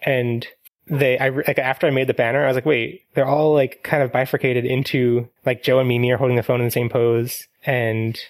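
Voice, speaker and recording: A podcast host in casual chat, mid-pitched, recorded very dry and close with no room sound. The talk rambles through quick tangents, filled with "like" and restarts. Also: little pitch movement, dry recording.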